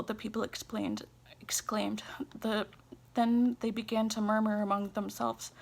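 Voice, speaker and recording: A woman reads a folktale aloud in a husky, gravelly voice that sits a little high. Her delivery stays level and even, and she pauses now and then to correct small slips. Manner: unhurried reading with small restarts and self-corrections. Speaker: storyteller.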